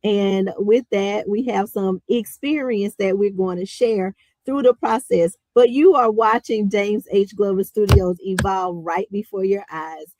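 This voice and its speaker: A woman's voice: mid-range voice, unhurried, darkish tone, dry recording, rough recording. A woman hosting a podcast, talking in an upbeat, chatty way. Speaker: podcast host. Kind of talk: casual podcast chat.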